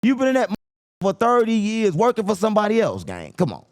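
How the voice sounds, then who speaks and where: Mocking man ranting with lively pitch. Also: brisk, no room sound, studio quality. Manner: mocking, repetitive taunts, swings between loud jabs and low mutters. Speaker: commentary host. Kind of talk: rant-style commentary.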